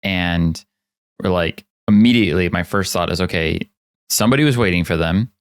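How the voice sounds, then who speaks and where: Deep-voiced man chatting casually. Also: normal speed, smooth, no echo. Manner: animated, acts out quotes. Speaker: podcast host. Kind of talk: casual chat.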